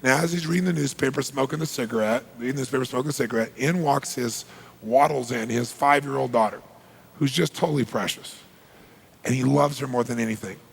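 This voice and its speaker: A man's voice: medium pitch, brisk, gravelly, husky, in a large hall. A man giving a motivational seminar talk, telling stories and quizzing the audience. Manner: storytelling, asks the audience questions. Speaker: seminar speaker.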